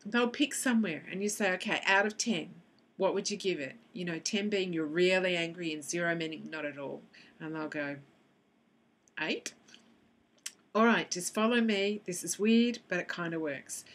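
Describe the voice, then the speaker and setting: An Australian EFT practitioner explains to camera how to use tapping with children, playing both sides of a session. Her voice is fairly low in pitch with a fairly bright tone.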